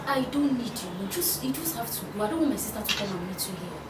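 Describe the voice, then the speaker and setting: A woman's voice: medium pitch, expressive, fast talker, close to an everyday voice. A woman playing a timid young Nigerian sister. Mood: nervous. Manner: soft, nervous pleading. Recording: clear background hiss.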